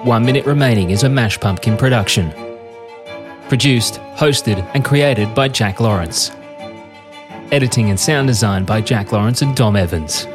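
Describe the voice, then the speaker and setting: A man hosting a podcast, giving scripted narration in a measured, even delivery. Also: medium pitch. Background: soft guitar music.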